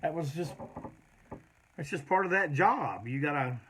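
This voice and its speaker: A man's voice: fairly high pitch, animated, a little slow, a bit bright, slight background noise. A middle-aged man, a punk band singer, telling rambling, profane road stories in a casual monologue.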